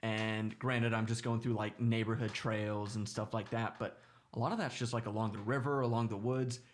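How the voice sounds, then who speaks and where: A man's voice: fairly low pitch, steady tone, moderate pace. A man co-hosting a podcast, speaking thoughtfully and hesitantly in a casual chat about his childhood. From grew up in the suburbs. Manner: thoughtful, hesitant, with many restarts. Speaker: podcast co-host.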